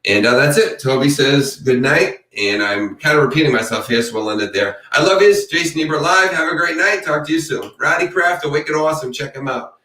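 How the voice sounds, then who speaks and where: A man's voice: medium pitch, lively intonation, a little fast, few pauses, sharp tone. A man hosting a true crime channel, giving a casual, rambling live-stream sign-off and reading out viewer chat. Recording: roomy sound from a distance.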